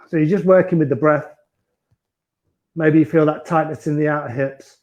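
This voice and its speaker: A man leading a beginners yoga class with gentle, encouraging step-by-step cues, teaching from a small room at home. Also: a little high, fairly even intonation, normal speed, pauses often, lo-fi sound. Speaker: yoga instructor.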